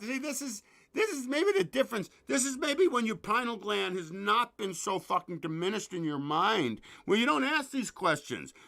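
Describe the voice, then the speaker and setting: A man hosting his own show, ranting at his listeners in a profane, rambling, excitable way full of asides. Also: sits high, normal speed, creaky, few pauses. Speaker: podcast host.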